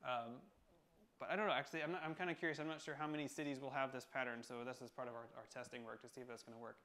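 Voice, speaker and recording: A man's voice: mid-range voice, steady tone, very fast, a bit bright. A man teaching coding in a casual screencast tutorial, thinking aloud with many fillers and self-corrections. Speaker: coding instructor.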